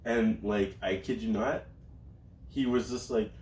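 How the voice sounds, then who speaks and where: A man's voice: on the low side, steady tone, unhurried, darkish tone, echoey room. A man co-hosting a casual comedy podcast, teasing his partner with dry ribbing. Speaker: podcast co-host.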